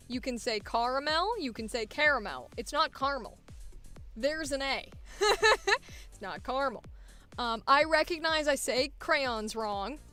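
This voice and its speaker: A woman voice actor in casual chat, her voice pitched a bit high. She rambles along, laughs often and fills her pauses, with faint music underneath. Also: pushed and bright. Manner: rambling, chatty, laughs often, many fillers. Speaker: voice actor host.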